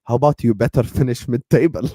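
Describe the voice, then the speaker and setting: Male streamer host, rowdy banter, laughs a lot, mid-pitched voice, dead-dry booth sound. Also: fairly quick, husky, no echo. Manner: excitable, laughing, trash-talking banter. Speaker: host of a football fan livestream. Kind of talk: casual livestream chat.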